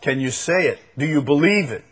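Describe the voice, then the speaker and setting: A man preaching a sermon, repeating key phrases and swinging between loud proclaiming and quiet intensity. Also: a little high, expressive, a little fast, slightly rough.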